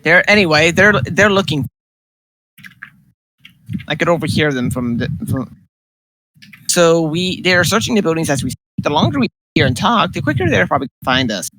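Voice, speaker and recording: Bright jokey tabletop player, man. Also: a little high, sing-song, normal speed, long pauses, no room sound, low-quality recording. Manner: jokey, laughing asides. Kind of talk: casual game chat.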